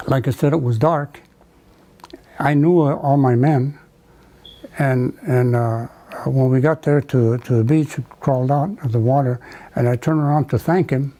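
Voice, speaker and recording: An older man from the United States, telling a wartime memory in an oral history interview, halting with many fillers and restarts. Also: a little high, dark tone, rough recording. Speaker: veteran interviewee.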